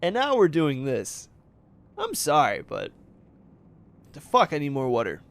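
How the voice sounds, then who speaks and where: A man's voice: fairly high pitch, huge pitch swings, measured pace. A man doing casual, joking let's play commentary and reading game text. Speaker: gamer.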